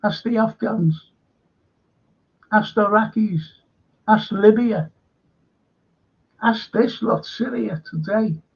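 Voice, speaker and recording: A man hosts a live-stream current-affairs show, ranting and swearing between shout-outs to viewers in the chat. His voice sits a little high and sounds husky and gravelly. The stream audio is dull and lo-fi. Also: takes it slowly, pauses often.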